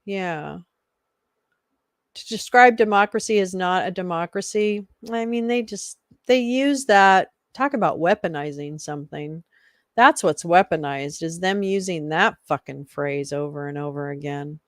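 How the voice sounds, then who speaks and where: A woman hosting a live stream talks slowly and unhurriedly. She rambles, swears freely and laughs often. Her voice sounds dry and close, with no room echo. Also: fairly low pitch. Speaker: livestream host. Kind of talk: casual live commentary.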